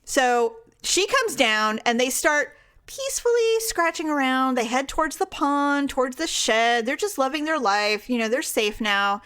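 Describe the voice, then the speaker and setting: A woman's voice: sits high, measured pace, clear, resonant tone. A woman co-hosting a podcast, telling a story in casual chat and acting out the voices and sounds in it. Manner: animated storyteller, acts out quotes and animal sounds. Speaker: podcast co-host.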